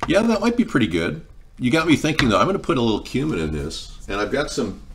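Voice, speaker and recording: A man with a medium-pitched, very animated voice talks fast over a noisy background. He's hosting a casual livestream while cooking, rambling into long, meandering stories and answering viewers' comments in the chat.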